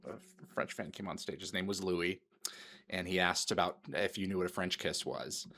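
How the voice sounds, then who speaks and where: Man, middle-aged, interview host, earnest, halting, lowish voice. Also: steady tone, bright, forceful tone. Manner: earnest, halting, with many restarts. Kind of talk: interview talk.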